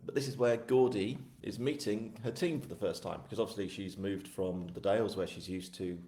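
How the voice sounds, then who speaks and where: A man from England with a lowish voice chats loosely to his viewers, wandering into asides and running himself down with a grin. His talk carries the echo of a bare room at home, picked up on a webcam mic. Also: brisk, dark tone. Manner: chatty, self-deprecating, rambling asides. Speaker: author hosting a live book launch. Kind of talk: casual live-stream chat. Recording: echoey room.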